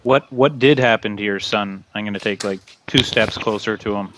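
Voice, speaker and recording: A man's voice: lowish voice, normal speed, background noise. A man playing a cleric in a tabletop game, earnestly describing his actions and speaking in character. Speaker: player.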